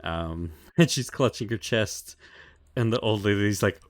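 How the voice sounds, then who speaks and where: A man's voice: lowish voice, moderate pace, dry recording, clean studio sound. Laid-back, profane man recapping. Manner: loose and profane, laughs often, many fillers. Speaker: podcast co-host. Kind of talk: casual chat, recapping an anime.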